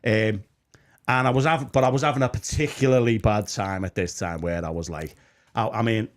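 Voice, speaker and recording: A man's voice: on the low side, a little fast. A middle-aged man, a Baptist minister co-hosting a casual chat, telling self-mocking stories with frequent laughter. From England. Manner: jokey, self-mocking storyteller who laughs often. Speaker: Baptist minister and podcast co-host.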